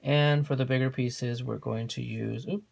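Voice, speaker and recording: With a camera pointed at the work surface, a chatty craft tutorial host demonstrates a project at a home work table and frequently corrects themself partway through sentences. The voice is mid-range, creaky, and darkish, with fairly even intonation and a moderate pace.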